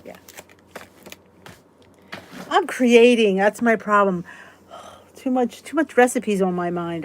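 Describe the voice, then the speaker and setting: A woman hosting a live weight-loss support chat, talking casually, reading out viewers' comments and venting with a laugh. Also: medium pitch. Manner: chatty, exclaiming, quick to vent and laugh.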